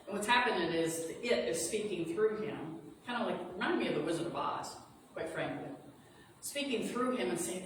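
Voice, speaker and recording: A woman's voice: on the low side, expressive, fairly quick. A woman reverend giving a sermon, retelling a story in an earnest, reassuring way. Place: sanctuary of a spiritual center. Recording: echoey hall from far off, noisy.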